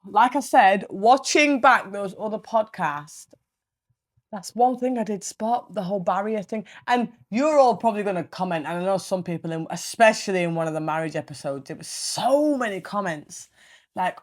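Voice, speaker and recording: A woman's voice: medium pitch, normal speed. Blunt swearing woman podcaster. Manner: blunt, swears a lot, animated storytelling. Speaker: podcast host. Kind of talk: casual solo podcast monologue.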